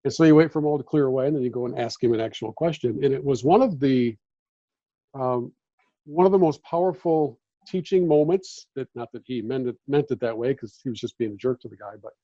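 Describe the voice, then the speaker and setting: Lively fifties man spinning anecdotes. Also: medium pitch, brisk, no room sound. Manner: animated anecdotes, acts out quoted voices. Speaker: podcast guest, former sports beat reporter. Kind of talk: casual storytelling chat. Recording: dull lo-fi audio.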